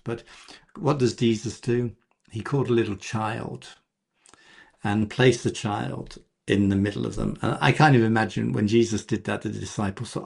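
A man's voice: measured pace, vocal fry, slightly rough. A man preaching a sermon in a conversational way, dropping into quoted voices as he tells the story. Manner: conversational, acts out quoted voices with pitch jumps.

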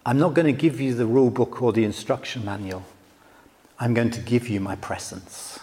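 A man voicing God as a calm, reassuring presence in a low, soft voice. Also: normal speed, big-room sound, natural voice.

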